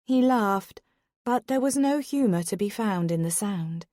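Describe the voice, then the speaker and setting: A woman narrating a romance audiobook in a steady, unhurried reading voice on a close studio mic. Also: mid-range voice, no echo.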